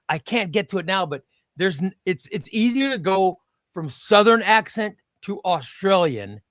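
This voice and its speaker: A man's voice: high voice, fairly bright tone, no echo, clean studio sound. A man in a casual comics chat, eager and emphatic, asking lots of questions. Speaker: comics discussion panelist.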